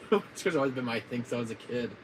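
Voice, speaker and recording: A man casually chatting with his viewers on a gaming live stream, giggly and excitable. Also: mid-range voice, a little fast, slight background noise, poor audio.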